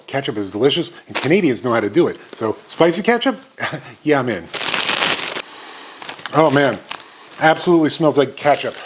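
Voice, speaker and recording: A man in his fifties from the United States hosts a casual chip review vlog, upbeat and chatty with lots of happy exclamations. His voice is a little high, and there's a little hiss or hum.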